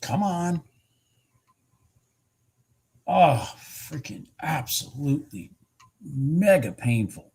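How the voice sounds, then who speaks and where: A man's voice: a little high, lively intonation, extremely slow, long pauses, a little mellow, breathy edge. A man giving live trading commentary, muttering in frustration and urging the market on as he watches his charts. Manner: urges the market on with repeated pleas. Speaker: futures trader streaming live.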